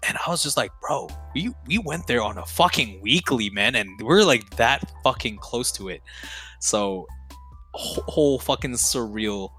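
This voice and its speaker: A young man talks as a podcast guest, his voice bright and forceful. He tells stories in a loose, slangy way, swears freely and gets excitable as he goes. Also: medium pitch, normal speed, slightly rough, soft background music. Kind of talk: casual storytelling.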